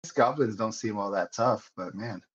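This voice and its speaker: An easygoing man playing a tabletop game, thinking out loud as he takes his turn. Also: fairly low pitch, normal speed, muffled recording, slight background noise. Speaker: player. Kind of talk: casual tabletop game chat.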